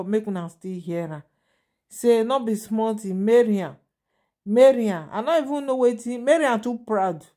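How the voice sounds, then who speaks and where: A woman speaking with a Nigerian Pidgin accent, running a casual gossip vlog, rambling with fillers and restarts and turning indignant as she scolds. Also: fairly high pitch. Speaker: celebrity gossip vlogger.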